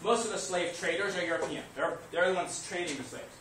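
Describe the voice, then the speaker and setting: A man teaching history to a class, lively, asking questions and answering them himself. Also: high-pitched, fairly quick. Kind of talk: classroom lecture. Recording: echoey classroom recorded from far off, noisy.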